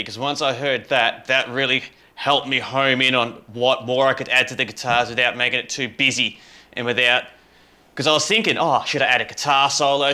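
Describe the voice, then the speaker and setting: A man's voice: medium pitch, sharp tone. A man in a casual podcast chat, talking enthusiastically and rambling about his guitar parts. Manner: enthusiastic, rambling, full of fillers. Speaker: guitarist and co-host.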